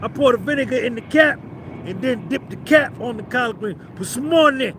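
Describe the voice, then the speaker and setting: Jersey-accented male streamer, very high pitch, loose profane banter with chat, faint street noise. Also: lively intonation, fairly quick, a bit bright. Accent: New Jersey. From New Jersey. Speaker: livestream host. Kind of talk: casual livestream chat with viewers.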